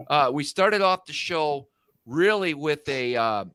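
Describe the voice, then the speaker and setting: A man's voice: fairly high pitch, lively intonation, takes it slowly, a bit bright, clear, resonant tone. A man hosting a live online fishing show, chatting and teasing his guests in a casual, playful way. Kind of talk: casual joking chat.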